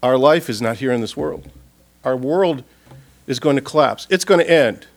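A man preaching at a funeral, earnest and expressive, swinging from loud appeals to hushed, quiet passages. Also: medium pitch, normal speed. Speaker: pastor. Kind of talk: funeral sermon. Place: church or funeral gathering.

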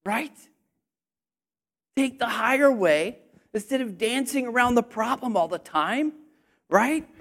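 A man with a high, light voice preaches a sermon with lots of energy. He calls out to the congregation and waits for their answers. At his peaks he nearly shouts. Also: measured pace, creaky, long pauses. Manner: energetic, call-and-response, rising to near shouting.

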